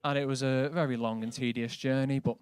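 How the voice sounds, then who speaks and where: A man's voice: mid-range voice, fairly even intonation, brisk, clear, resonant tone, dry recording. A man doing a stand-up set on a comedy club stage, dry and conversational, full of casual asides. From Britain. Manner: dry, conversational, lots of likes.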